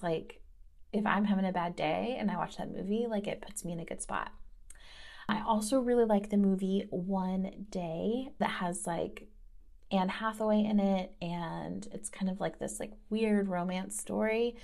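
A woman in her thirties from the Southern United States hosts in a casual, chatty, rambling style, full of fillers and lots of "like". Her medium-pitched voice is mellow, with vocal fry.

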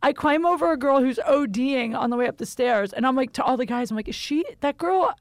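A woman's voice: high voice, steady tone, fast talker, dry recording, studio quality. A young adult woman hosting a podcast, telling a story in casual chat, candid and profane, with lots of fillers. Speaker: podcast host.

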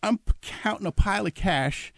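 A man's voice: high-pitched, normal speed, vocal fry, no echo. An older man casually telling a story from his working life, acting out the people in it and chuckling now and then. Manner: animated anecdote with acted quotes and chuckles.

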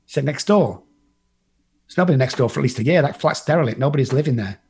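A man's voice: mid-range voice, expressive, fast talker, gravelly, darkish tone, breathy edge. An English man telling his life story in a blunt, casual way, swearing freely and acting out what other people said. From England.

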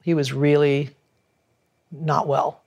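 A woman's voice: sits low, little pitch movement, slow pace, vocal fry. A middle-aged woman in a documentary interview, telling family stories and acting out the quoted dialogue. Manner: warm storytelling, acts out quoted dialogue. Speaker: interviewee, daughter.

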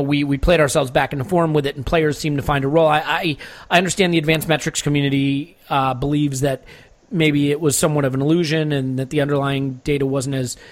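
A man hosting a football podcast, eager and stammering as he asks questions. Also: a little high. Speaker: podcast host. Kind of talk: casual chat.

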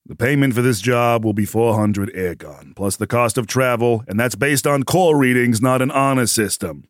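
A man acting as game master, narrating and speaking as a dry, deadpan clerk in a tabletop game. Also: medium pitch, moderate pace, no echo.

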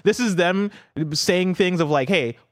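A man's voice: a little high, expressive, a little fast, dry recording. A man co-hosting a gaming show, giving opinions in a rambling, casual way full of fillers. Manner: rambling, many fillers like "like" and "you know". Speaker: co-host. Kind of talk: casual chat.

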